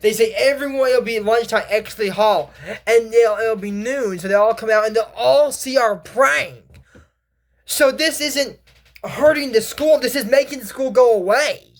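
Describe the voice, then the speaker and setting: A person casually retelling a cartoon episode, rambling off on tangents and acting out the characters' lines with animated shifts. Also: medium pitch, measured pace. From United States.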